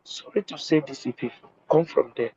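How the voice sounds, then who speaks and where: A man's voice: normal speed, warm tone, husky. A man calling in from a public place, hesitant and apologetic, repeating himself as he makes his point. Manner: speaks low at first, in a public place. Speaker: caller. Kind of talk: live audio-room call. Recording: muffled lo-fi phone line with faint background noise.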